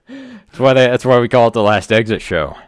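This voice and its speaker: A man co-hosting a comedy podcast, telling rambling stories in a deadpan way. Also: mid-range voice, moderate pace, no room sound, clean studio sound. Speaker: podcast co-host. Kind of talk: casual comedy podcast chat.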